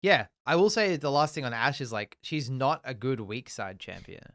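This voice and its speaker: A man co-hosting a gaming podcast, talking in a quick, animated, casual way and agreeing often. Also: medium pitch. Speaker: podcast co-host.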